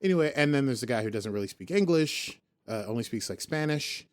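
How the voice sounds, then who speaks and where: A man's voice: medium pitch, expressive, a little fast. A man hosting a podcast in casual chat, rambling and jokey, often breaking off and restarting his sentences. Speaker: podcast host.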